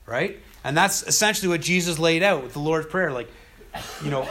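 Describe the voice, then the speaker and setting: Man, bible teacher, casual study talk, animated storyteller, fairly high voice. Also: moderate pace, slight background noise.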